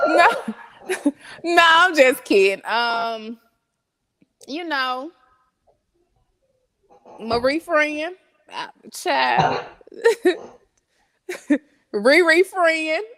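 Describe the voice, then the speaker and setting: A woman as an interview guest, chatting casually, laughing often and answering slowly with fillers. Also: sits high, lively intonation, a bit bright. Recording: long reverb.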